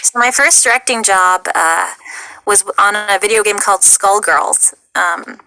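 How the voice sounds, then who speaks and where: A woman's voice: medium pitch, unhurried, creaky, bright, forceful tone, dry recording, poor audio. A young woman voice actor and director chatting casually in an interview, self-deprecating and full of fillers.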